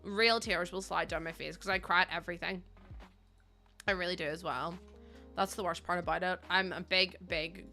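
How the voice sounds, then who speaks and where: A woman's voice: on the low side, steady tone, moderate pace, sharp tone, faint music behind. A young woman with a Northern Irish accent, chatting casually and telling funny stories while streaming a building game, swearing and laughing often. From Northern Ireland.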